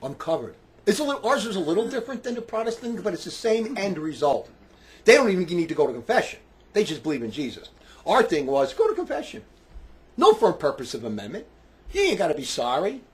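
A man in his sixties preaching with passion, dropping to low quiet remarks and rising to shouts. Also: very animated, fast. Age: 60s. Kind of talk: fiery preaching talk.

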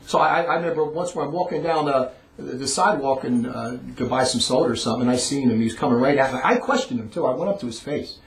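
A man's voice: mid-range voice, fast, vocal fry. A man delivering a rambling, emphatic monologue, often repeating his words for emphasis. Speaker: monologue speaker. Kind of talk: ranting monologue. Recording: roomy echo.

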